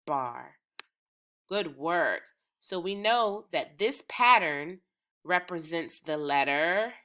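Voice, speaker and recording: Lady teaching little kids, bright clear voice, a bit low, super encouraging. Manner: encouraging, drawn-out, rhythmic chanting. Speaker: preschool teacher. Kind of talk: slow, sing-song lesson for small children.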